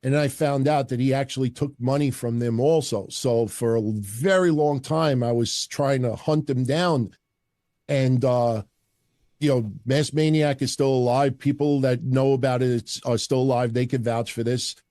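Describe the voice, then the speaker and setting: A middle-aged man with a mid-range voice, a wrestling podcast host appearing as a guest, tells stories at a moderate pace in a casual interview. He's blunt, profane and animated, recorded in clean studio sound with no room echo.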